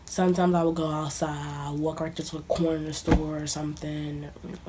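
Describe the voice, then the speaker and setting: A woman's voice: low-pitched, flat delivery, normal speed, very noisy. A young woman casually telling a personal story as a vlogger, sometimes dropping to a near-whisper. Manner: casual, conversational, drops to near-whispers at times. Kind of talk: storytime monologue.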